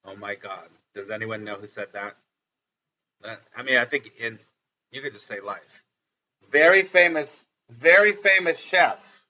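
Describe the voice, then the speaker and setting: A middle-aged man hosting a live stream as a spiritual teacher, chatting casually and excitedly, often laughing and repeating lines. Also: mid-range voice, unhurried, highs cut off.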